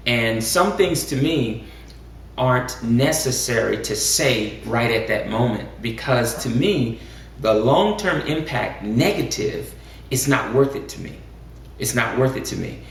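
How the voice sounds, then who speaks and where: A man co-hosting a casual talk about marriage, speaking in a measured way that turns preacherly and rises with emphasis. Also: medium pitch, expressive. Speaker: co-host. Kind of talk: casual chat. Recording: echoey room, far from mic, faint noise.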